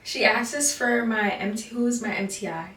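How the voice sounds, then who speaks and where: A woman's voice: fairly high pitch, normal speed, a bit bright. A young woman telling a casual storytime, chatty and full of "like", talking through her teeth with an overbite. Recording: roomy, distant mic.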